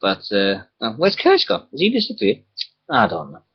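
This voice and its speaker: A man's voice: lowish voice, moderate pace, breathy edge. A man hosting a wrestling radio show, rambling and laughing as he tells stories. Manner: chatty, rambling, laughs often, animated storytelling. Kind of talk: casual radio chat. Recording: dull lo-fi internet radio audio.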